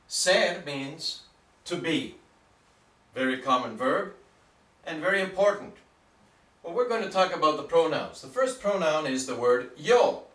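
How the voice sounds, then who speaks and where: Slow patient guy teaching a class, bright voice, echoey room, mic kinda far off. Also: a little high. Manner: patient, deliberate, spells out words. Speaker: Spanish teacher. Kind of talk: slow language lesson.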